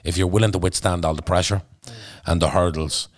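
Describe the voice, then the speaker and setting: Dublin guy talking fast and blunt, low voice, lots of swearing, dry close sound. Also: fairly even intonation, dry recording. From Ireland. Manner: blunt, swears freely, intense. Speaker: podcast guest. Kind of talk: candid storytelling in conversation.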